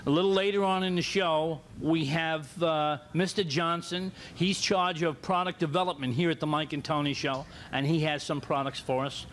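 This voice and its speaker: A man hosting a talk show and introducing guests in a rambling, halting way, with many pauses. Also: on the high side, fairly even intonation, a bit bright, a little hiss or hum.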